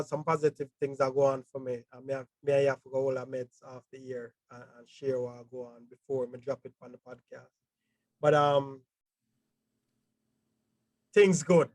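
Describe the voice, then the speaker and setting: A man hosting a podcast in excitable, laid-back banter. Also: mid-range voice, dry recording. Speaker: podcast host. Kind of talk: casual podcast chat.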